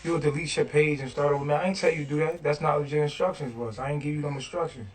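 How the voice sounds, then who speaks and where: A man's voice: on the high side, steady tone, fast talker. Slangy laid-back man, distant clip audio. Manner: slangy, laid-back, repeats "you feel me". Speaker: livestreamer in played clip. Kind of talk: casual livestream talk.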